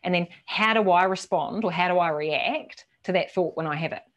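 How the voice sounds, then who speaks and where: A woman giving a casual, lively workshop talk to a team, swearing now and then and acting out quoted voices. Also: lowish voice, normal speed, highs cut off. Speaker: workshop presenter.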